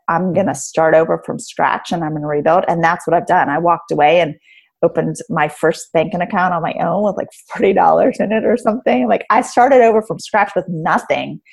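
A woman's voice: low voice, creaky. A woman in her thirties or forties, a life coach talking earnestly about rebuilding her life, with lots of "um" and "like". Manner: earnest, reflective, many fillers like "um" and "like". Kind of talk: casual podcast conversation.

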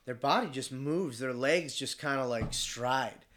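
A man from Michigan telling a hunting story in casual chat, animated and swearing freely as he acts out the voices of the people in it. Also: medium pitch, measured pace.

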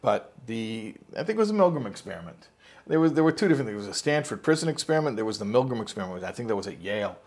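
A man's voice: lowish voice, big pitch swings, racing. A man giving an informal spoken lesson as a religious teacher. He tells the story in a rambling way, restarts himself, and acts out the quotes.

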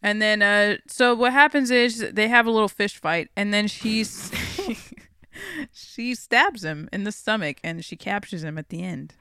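A young adult co-host chatting casually on a podcast, retelling stories in an animated way, laughing often and swearing freely. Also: mid-range voice, measured pace, a little hiss or hum.

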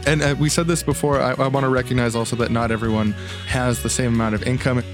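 A man of middle pitch narrates a comedy sketch in a dry, matter-of-fact tone. His podcast talk sits over a clear music bed. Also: flat delivery, quick pace.

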